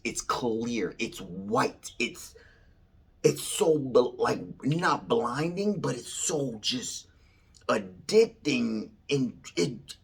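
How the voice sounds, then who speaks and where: Man, husky voice, lively pitch, slangy animated storytelling, drops to whispers. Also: extremely slow. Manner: slangy and expressive, swinging between loud excitement and hushed whispers. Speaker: storyteller recounting a vision.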